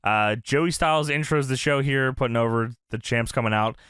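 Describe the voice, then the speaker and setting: A man co-hosting a podcast in casual chat, profane and quick to laugh, often acting out what people said. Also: mid-range voice, clear, resonant tone, no echo, studio quality. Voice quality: animated, profane, laughs often, acts out quotes. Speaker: podcast co-host.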